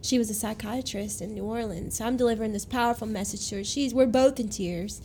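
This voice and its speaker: An animated woman tells emotional stories in a relaxed chat. Her voice sits a little high. A faint noise runs underneath. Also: a little fast. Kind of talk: casual conversation.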